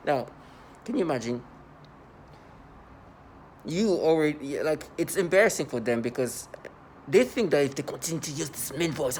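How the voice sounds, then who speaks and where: A man's voice: on the high side, lively intonation, fairly quick, a little mellow, slight background noise. A man in an unscripted vlog monologue, rambling and repetitive, earnest and agitated, full of fillers and restarts. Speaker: vlogger.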